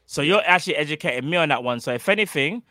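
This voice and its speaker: A man, co-hosting a casual podcast, slangy and animated. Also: on the high side, rapid-fire, dry recording, studio quality. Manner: animated, slangy, laughing often. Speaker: podcast co-host. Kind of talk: casual chat.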